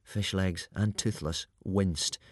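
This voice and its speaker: Expressive male storybook narrator. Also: low voice, slow, dry recording, studio quality. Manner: lively, expressive reading. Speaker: audiobook narrator.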